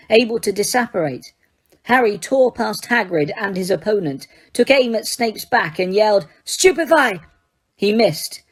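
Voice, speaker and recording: A woman reading a fantasy novel aloud as an audiobook, in steady, dramatic storytelling. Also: medium pitch. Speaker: audiobook reader. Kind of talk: audiobook narration.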